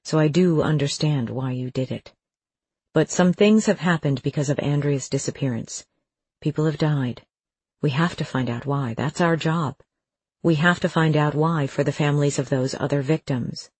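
A narrator voicing a calm, measured female detective who speaks steadily and with sympathy, in an audiobook. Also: low-pitched, husky, no room sound. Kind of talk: audiobook character voice.

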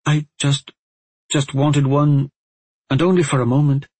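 A man's voice: mid-range voice, normal speed, a little mellow, husky, voice pushed up, close to an everyday voice. A man voicing a frightened young woman, an apprentice witch, in a storybook reading, with a raised, pleading voice.

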